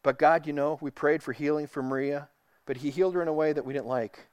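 A man preaching a sermon, reading quotes aloud and dropping to a soft hush for tender passages. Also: on the high side, fairly even intonation, fast, no echo. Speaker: pastor.

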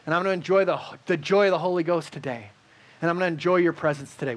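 A man preaching in a fairly high voice, with the earnest, repeating rhythm of the pulpit. He pauses between short phrases and leads into a heartfelt prayer. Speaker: pastor. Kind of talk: sermon with closing prayer.

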